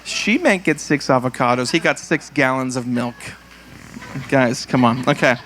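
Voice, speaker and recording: A male pastor leading prayer and announcements, playful and quick to laugh at his own jokes, acting out puns in silly voices. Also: medium pitch, fairly bright tone, a little hiss or hum. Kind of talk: church service prayer and announcements.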